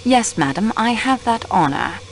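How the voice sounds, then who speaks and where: A woman voicing a polite, formal male detective with a French accent in a radio play, asking calm, measured questions. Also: fairly high pitch, a little hiss or hum.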